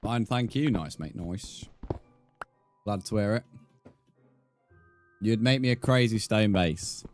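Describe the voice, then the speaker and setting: A young British man, his voice sitting fairly low, banters easily with viewers during a live gaming stream. He is chatty and informal and calls people mate, with faint music playing underneath. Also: slow pace, pauses often. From Britain. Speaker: livestream gamer.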